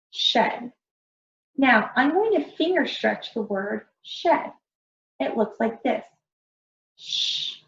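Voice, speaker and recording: A woman's voice: a little high, vocal fry. A woman teacher giving an early reading lesson to young children, patient and encouraging, stretching out word sounds. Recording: roomy, dull lo-fi sound.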